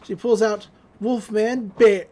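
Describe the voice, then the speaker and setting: A podcast host casually recapping a cartoon episode, animated, laughing often and acting out the lines. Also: medium pitch, slow.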